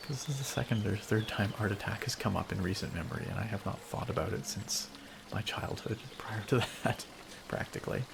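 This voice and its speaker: A man's voice: fairly low pitch, fairly quick, gravelly, background noise. A man casually chatting and laughing as he streams a game, rambling between thoughts. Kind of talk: casual gameplay commentary.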